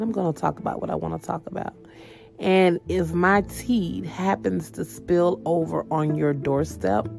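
A woman's voice: lowish voice, vocal fry, darkish tone. A woman delivering a sassy, taunting podcast opening monologue. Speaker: podcast host. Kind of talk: sassy cold-open monologue.

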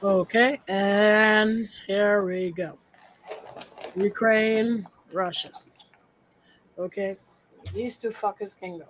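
A woman's voice: medium pitch, fairly even intonation, takes it slowly, pauses often, a little hiss or hum, rough recording. A woman co-hosting a podcast in casual chat, blunt and profane, muttering to herself as she sorts files. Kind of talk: casual chat while sorting files on screen.

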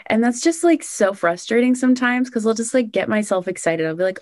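A young woman, a singer-songwriter, chatting excitedly in an interview with lots of "like" and "oh my gosh". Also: fairly high pitch, brisk, few pauses, no room sound, studio quality. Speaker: country singer-songwriter guest. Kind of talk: casual interview answers.

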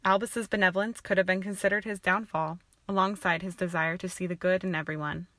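A woman voicing a stern older Scottish headmistress with a sharp, snapping manner and a Scottish accent. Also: fairly low pitch, fairly even intonation, fairly quick, dry recording, lightly acted. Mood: weary.

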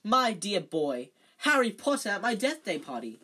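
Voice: mid-range voice, very animated, moderate pace, noisy background, pitched above the performer's own voice, lightly acted. A reader voicing an old male ghost who speaks eagerly and formally. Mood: dignified.

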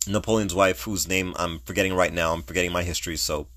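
A middle-aged man hosting a podcast, giving casual solo movie commentary in an animated, ranting way and laughing at his own jokes. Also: deep voice, fast talker. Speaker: podcast host.

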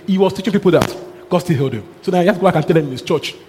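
A man preaches with a fairly high voice, telling stories with animation and chuckling as he goes. His voice rings out in a hall with a long echo. A faint hum sits behind him. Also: very fast. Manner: animated storyteller who chuckles and mixes in local exclamations. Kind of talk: sermon with lively storytelling. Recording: long hall reverb, faint background noise.

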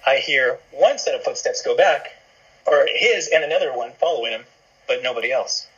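A man chatting casually as host, relaxed and reactive. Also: mid-range voice, moderate pace, breathy edge, muffled recording. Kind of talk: casual chat.

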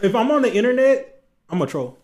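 A man's voice: high voice, sing-song, a little fast, a little mellow. A young man hosting a podcast, chatting casually, teasing and laughing along with his guest. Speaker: podcast host.

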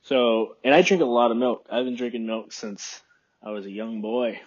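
A man from Texas hosting his podcast in a rambling, relaxed chat, with a phlegmy throat he keeps clearing. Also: mid-range voice, normal speed, highs cut off. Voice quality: phlegmy, husky. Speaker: podcast host. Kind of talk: casual solo podcast chat. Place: room by a window.

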